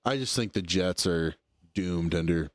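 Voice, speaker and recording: Man, young adult, very low voice, casual sports chat, rambling, fillers, dry sound. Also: unhurried, no room sound. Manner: relaxed, rambling, many fillers. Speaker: podcast co-host.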